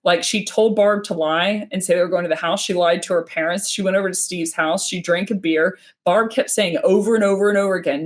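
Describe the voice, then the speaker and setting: A woman talking as a guest on a casual livestream, rambling quickly and often restarting her sentences. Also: lowish voice, fairly even intonation. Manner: fast, rambling, with many restarts. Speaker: guest speaker.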